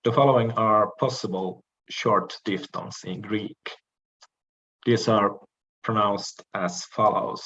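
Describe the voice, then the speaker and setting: Slow, low-voiced man lecturing. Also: steady tone, fairly bright tone, husky, dull audio. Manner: measured, explanatory, frequent "uh" pauses and restarts. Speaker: language lecturer. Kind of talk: recorded lecture.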